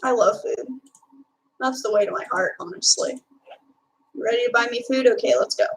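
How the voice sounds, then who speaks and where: A young woman from Texas, Texan accent and all, chats on a live stream, reading and responding to her chat in a filler-heavy way. Her voice is a little high, a little fast and creaky. Slight background noise comes through on a rough recording.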